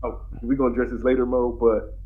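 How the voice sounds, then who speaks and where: In a fast, flat, mid-range voice, this man co-hosts a podcast, chatting casually about a TV episode. He often laughs, teases his partner and cuts in with interruptions. The recording is lo-fi podcast audio with a little noise.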